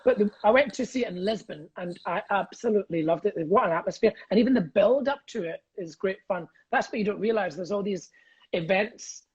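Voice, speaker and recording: A Scottish man chatting as a comedian guest on a video call from home, animated and rambling, laughing through his stories. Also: high-pitched, brisk, breathy edge, highs cut off. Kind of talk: casual video-call chat.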